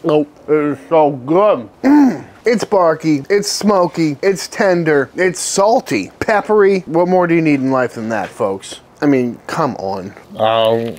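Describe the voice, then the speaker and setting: A relaxed man walks viewers through a barbecue cook, calling them folks along the way. His delivery is upbeat and easygoing, like a host teaching in his own backyard. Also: fairly high pitch, unhurried, hardly any pauses. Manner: savors the food aloud while tasting. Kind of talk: cooking tutorial.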